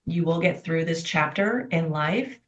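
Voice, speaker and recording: Middle-aged woman chatting in an interview, lowish voice, kinda far from the mic in an echoey room, muffled sound. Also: unhurried. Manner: chatty, expressive, quotes herself in lively voices. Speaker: guest. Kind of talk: candid interview storytelling.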